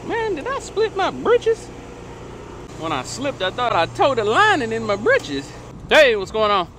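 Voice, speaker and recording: Guy yelling and joking through his outdoor cleaning vlog, clip-on mic, traffic and street noise clearly behind. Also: very high voice, wildly swooping pitch, unhurried, rough recording. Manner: loud, joking, shouts and exclaims while working. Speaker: trash can cleaning business owner. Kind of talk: casual on-the-job vlog. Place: outdoors by a house, near a street. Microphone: small clip-on mic with phone camera.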